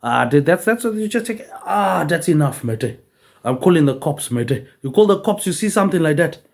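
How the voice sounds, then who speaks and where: High-pitched man rambling, "mate" after every line. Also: lively intonation, normal speed, vocal fry. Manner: rambling, keeps tagging lines with "mate", swears freely. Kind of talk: rambling monologue.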